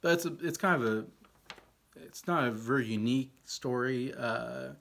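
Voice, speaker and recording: A man's voice: mid-range voice, normal speed, creaky, fairly bright tone. A man reviewing old films in a casual, rambling way, full of fillers and hedges. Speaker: film reviewer. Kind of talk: casual movie ranking talk.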